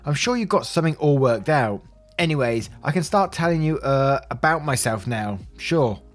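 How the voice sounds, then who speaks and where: A man's voice: a little high, lively intonation, normal speed, faint music behind, close to an everyday voice. A man voicing a nervous, awkward young classmate who stammers and keeps apologizing. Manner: stuttery, hesitant, apologetic.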